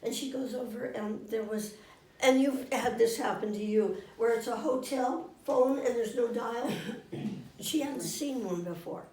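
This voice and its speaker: An older woman getting over a cold, telling anecdotes to a small audience in a lively, animated way and acting out the voices. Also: fairly high pitch, unhurried. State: finishing a cold. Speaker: guest storyteller. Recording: roomy room, mic far off.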